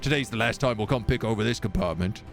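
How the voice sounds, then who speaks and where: A man's voice: on the low side, fast, gravelly, faint music behind. A man voicing a swaggering male gang boss with a Cockney accent, brash and cheeky, in a video game read-aloud. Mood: defiant. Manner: brash, fawning yet cheeky.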